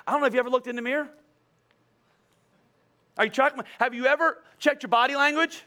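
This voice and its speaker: A man with a notably high-pitched voice delivers a relaxed, conversational sermon. He jokes and laughs as he goes, often doubling back on his words before pressing on. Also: fast, long pauses. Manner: chatty, joking, with frequent laughs and repeated words. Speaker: pastor.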